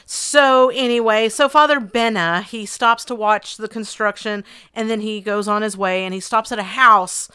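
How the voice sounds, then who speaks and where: A woman's voice: on the high side, fairly even intonation, moderate pace, hardly any pauses, bright, forceful tone, clear, resonant tone. A woman co-hosting a podcast, casually recapping a movie in a wry, riffing way and echoing her co-host's jokes. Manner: wry, riffs and echoes her co-host. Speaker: podcast co-host.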